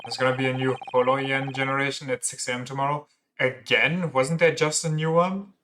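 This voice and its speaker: A man's voice: medium pitch, level tone, brisk, a bit bright. A man streaming a video game, making casual joking asides between reading dialogue. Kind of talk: casual gameplay commentary.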